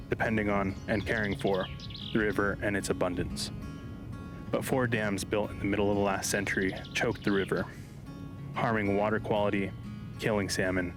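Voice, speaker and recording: A man giving measured, scripted documentary narration. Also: on the low side. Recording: narration over guitar music.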